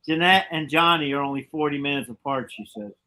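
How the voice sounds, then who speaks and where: A man with a bright, crisp voice chimes in on a live stream. He talks with short, agreeable interjections, pitched a bit high. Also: a little fast. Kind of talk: casual live-stream chat.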